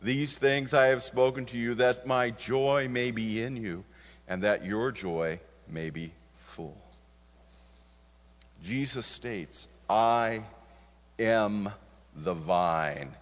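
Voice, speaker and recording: A man preaching a sermon as pastor. He moves between quiet passages and emphatic lines, stressing key words. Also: mid-range voice. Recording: muffled sound with long hall reverb.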